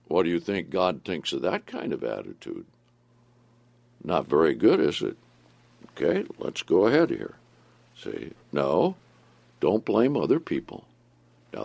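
A man's voice: low-pitched, wildly swooping pitch, unhurried, gravelly, long pauses, a little mellow, no room sound. A man preaching a sermon, retelling scripture scenes with emphasis and repeating key phrases for his listeners.

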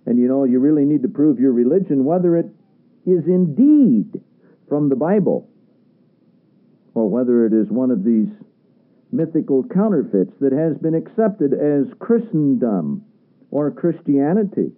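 Preaching a sermon, a man reads scripture aloud and presses listeners with emphatic rhetorical questions. His medium-pitched voice swings widely in pitch at a measured pace, with a tinny radio broadcast sound.

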